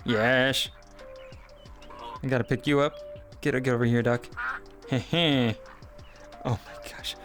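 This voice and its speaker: A man's voice: takes it slowly, pauses often, soft background music. Playful, giggly male streamer. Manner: playful and excitable, giggly, big pitch jumps. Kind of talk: casual live-stream chat while gaming.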